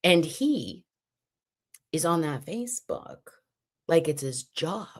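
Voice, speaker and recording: Woman, 40s, livestream host, lower pitch, swooping and expressive delivery. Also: takes it slowly, slightly rough. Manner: animated, chatty, acts out quotes. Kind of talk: casual livestream chat.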